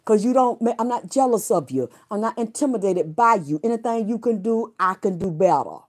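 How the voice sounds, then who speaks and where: A woman's voice: medium pitch, animated, fairly quick, darkish tone. A middle-aged woman ranting on a livestream, defiant and profane, hammering her points home with repeated emphatic declarations. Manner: defiant, swearing, preaching.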